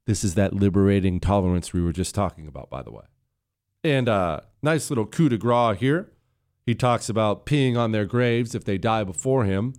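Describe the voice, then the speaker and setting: A man's voice: on the low side, normal speed, darkish tone. A man hosting a talk radio show at a studio microphone, speaking in an indignant, emphatic and sarcastic way. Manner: indignant, emphatic, sarcastic, reads quotes in a raised voice. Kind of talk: opinion talk radio monologue.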